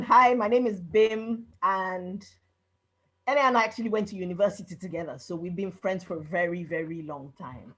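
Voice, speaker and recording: A woman's voice: medium pitch, a bit bright, rough recording. Emotional woman giving a tribute. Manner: emotional, repeating herself, quick bursts. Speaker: friend of the author. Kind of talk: heartfelt tribute on a video call.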